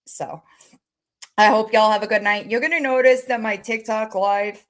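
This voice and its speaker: A woman streaming and chatting casually, swearing freely and cooing to her cats in a high baby voice. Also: fairly even intonation, normal speed, fairly bright tone, rough recording. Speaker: streamer reacting to videos. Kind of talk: casual chat.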